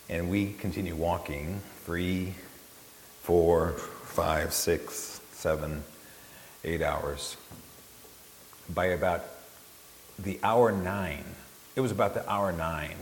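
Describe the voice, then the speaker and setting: Man, storyteller, slow, lowish voice, self-mocking, echoey hall, faint hiss. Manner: animated, self-mocking, many restarts. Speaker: storyteller recalling a trip. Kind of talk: spoken anecdote to an audience.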